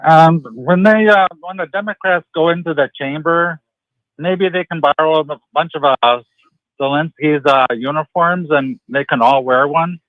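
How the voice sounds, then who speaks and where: A man's voice: a little high, no room sound. Hesitant male caller on a dull line. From West Virginia. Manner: hesitant, many "uh" pauses. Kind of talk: call-in radio chat. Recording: dull phone-line sound.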